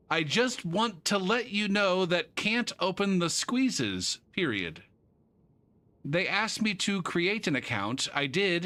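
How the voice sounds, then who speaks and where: A man's voice: high-pitched, pushed and bright, pitched above the performer's own voice, exaggerated voice. A man doing an earnest student reading a stiff email. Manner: stiff, overly polite phrasing read slowly. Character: earnest young male student writing a formal email.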